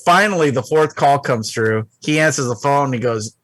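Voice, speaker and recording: A man co-hosting a podcast, telling a crude work story in a casual, animated way. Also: fairly high pitch, normal speed, no echo. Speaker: podcast co-host.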